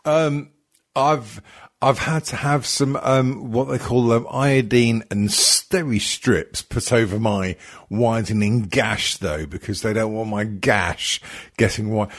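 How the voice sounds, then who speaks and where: A man hosting a podcast, joking and swearing, tired, with lots of ums. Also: mid-range voice. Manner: swearing, joking, rambling with many fillers. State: tired and yawning. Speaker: podcast host. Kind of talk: crude casual podcast chat.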